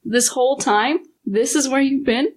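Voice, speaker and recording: Woman playing her character in a tabletop game, fairly high voice, really emotional. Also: normal speed, a little hiss or hum, rough recording. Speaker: player.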